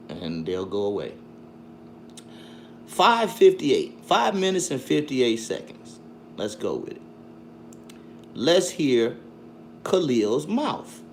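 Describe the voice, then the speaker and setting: A man's voice: lowish voice, slight background noise. Profane man ranting on stream. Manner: loud, profane, mocking, with frequent laughs. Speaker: livestream host. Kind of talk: combative livestream commentary.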